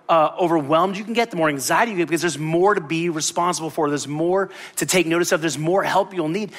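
A man preaching a sermon, animated and jokey, acting out quotes as he tells a story. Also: fairly high pitch. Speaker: pastor.

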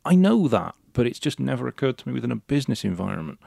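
A man's voice: lowish voice, expressive, brisk, vocal fry, a little mellow, no room sound, clean studio sound. A man hosting a podcast interview, eager and stumbling over repeated words as he sums up and thanks his guest. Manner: eager, stammering restarts. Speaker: podcast host.

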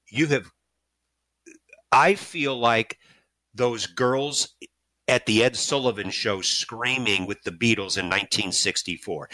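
Animated middle-aged man telling a story. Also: dry recording. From St. Louis area, USA. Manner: animated, self-mocking, jumps high when excited. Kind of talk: casual personal storytelling.

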